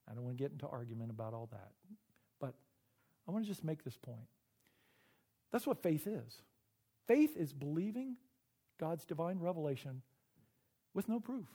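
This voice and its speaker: A man's voice: a little high, dark tone, husky. Earnest, emotional man preaching a sermon. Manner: emotional, halting, repeats words; earnest and personal. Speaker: pastor.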